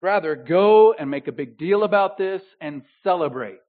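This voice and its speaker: High-voiced preaching man, tinny sound. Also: expressive, normal speed. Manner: swings between loud emphatic declarations and quiet intimate asides. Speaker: pastor. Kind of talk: sermon.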